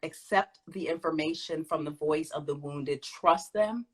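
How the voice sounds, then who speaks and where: A woman's voice: low-pitched, a little slow, husky, poor audio. A woman speaking as a guest in a conversation, teaching emphatically and animatedly with frequent laughter.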